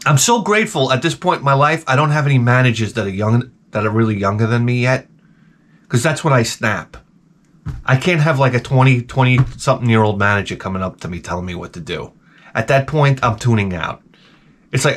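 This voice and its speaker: A man's voice: mid-range voice, animated, fairly quick, fairly bright tone. A man in his forties giving a comedic monologue as a YouTuber, ranting with exaggerated outbursts. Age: 40s.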